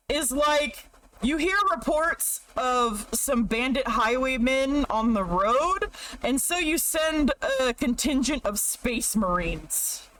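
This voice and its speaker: A woman's voice: high voice, slight background noise, poor audio. A woman streamer casually explaining game lore with frequent swearing, tangents and laughter. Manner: profane, rambling, laughs often. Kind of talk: casual livestream lore narration.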